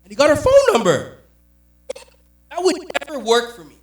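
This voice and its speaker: A man's voice: extremely high pitch, normal speed. A man from Jamaica doing a stand-up comedy set, telling stories and acting out the people in them. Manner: animated storytelling, acts out quotes. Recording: echoey room from far off.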